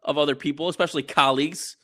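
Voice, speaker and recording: A man's voice: on the high side, fairly even intonation, very fast, bright, forceful tone. A man in casual podcast chat who talks hesitantly, restarting and searching for words.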